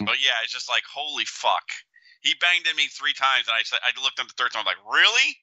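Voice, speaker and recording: A man co-hosting a podcast, telling stories in a lively way, swearing freely and laughing often. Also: mid-range voice, quick pace, no room sound, muffled recording. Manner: animated storyteller, swears a lot, laughs often. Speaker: podcast co-host. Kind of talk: casual podcast chat.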